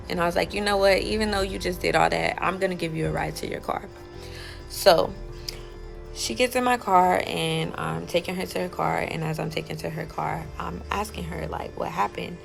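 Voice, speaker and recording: A woman's voice: lowish voice, fairly even intonation, normal speed, creaky, faint music behind. A woman telling her own life story in a casual, rambling way, full of fillers and quoted exchanges.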